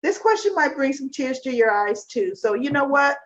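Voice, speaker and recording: Fifties woman co-hosting a live chat, a bit high, sounds dull and lo-fi. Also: animated, moderate pace. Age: 50s. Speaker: co-host. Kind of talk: interview chat.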